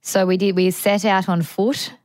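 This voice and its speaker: A woman's voice: medium pitch, level tone, moderate pace, darkish tone, no echo. A young woman co-hosting a podcast, telling a travel story casually, laughing and swearing. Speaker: podcast co-host.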